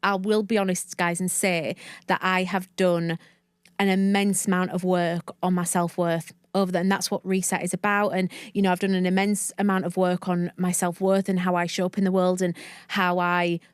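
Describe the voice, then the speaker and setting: A woman's voice: fairly low pitch, level tone, moderate pace, clean tone, no room sound, clean studio sound. Chatty Northern English woman from Leeds. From Leeds, England. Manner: chatty, effusive, self-interrupting. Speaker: guest, manifestation coach. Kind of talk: casual podcast interview.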